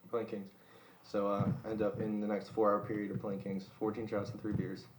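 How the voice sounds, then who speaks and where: A man's voice: lowish voice, flat delivery, brisk. A young man hosting a podcast, telling a rambling story in a laid-back, profane way. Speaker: podcast host. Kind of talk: casual storytelling chat. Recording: roomy, distant mic with faint noise.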